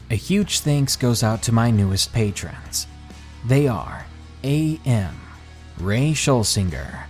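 A man narrating a scary story in a calm, measured, ominous way, then signing off as the channel host. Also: mid-range voice. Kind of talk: scripted narration of a horror story. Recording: faint background music.

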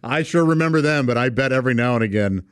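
A man's voice: mid-range voice, fast talker, smooth, no room sound, clean studio sound. A middle-aged man, a comedian guest, telling a story casually with lots of fillers. He breaks into laughter often. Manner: rambling, many fillers, laughs while telling.

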